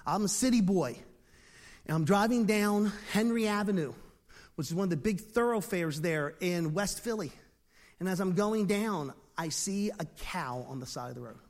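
High-voiced man preaching in a reverberant hall. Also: moderate pace. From Philadelphia, USA. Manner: animated, swings from hushed near-whisper to loud exclamation. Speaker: pastor. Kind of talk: sermon. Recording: long reverb of a large hall.

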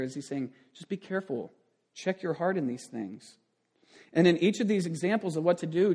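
A man's voice: on the high side, dark tone, slightly rough. A man in his thirties, a pastor giving a conversational sermon with frequent asides and restarts.

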